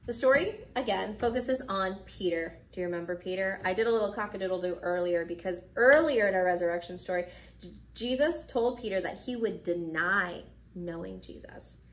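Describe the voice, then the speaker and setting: A woman is teaching a children's church lesson, reading a Bible story aloud and then retelling it in her own words. She talks at a middle pitch and gives the characters little voices as she acts out their lines. Her tone is lively and plain, like a storyteller aimed at kids. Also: normal speed. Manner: animated storyteller acting out dialogue lines.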